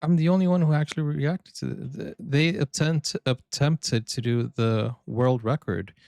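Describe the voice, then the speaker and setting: Excitable man reacting to sports news, dry sound. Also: mid-range voice, moderate pace, vocal fry, dry recording. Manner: excitable, chatty, often stumbles and restarts. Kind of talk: casual reaction commentary.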